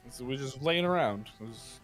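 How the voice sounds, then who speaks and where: A man's voice: expressive, measured pace, a bit bright, faint music behind. A man co-hosting a morning radio show, reading gaming news as a jokey back-and-forth. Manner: playful, acts out silly back-and-forth with high squeaky replies. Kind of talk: casual comedic radio banter.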